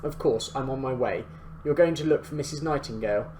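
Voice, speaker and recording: A man's voice: medium pitch, brisk, a little mellow, a little hiss or hum, lightly acted. A man playing a fretful young shop worker. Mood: anxious. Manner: anxious, fretful. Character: nervous, apologetic young male shop worker.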